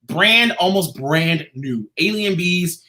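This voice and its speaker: A man, a guest artist in an interview, telling a personal story in a lively, casual way. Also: high-pitched, slow. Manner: animated, acts out quoted voices.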